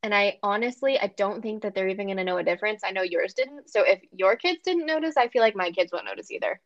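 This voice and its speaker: Woman co-host, eager and chatty, mid-pitched, dull recording. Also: lively intonation, fast talker, no room sound. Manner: enthusiastic and gushing, laughs easily. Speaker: podcast co-host. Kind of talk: casual chat.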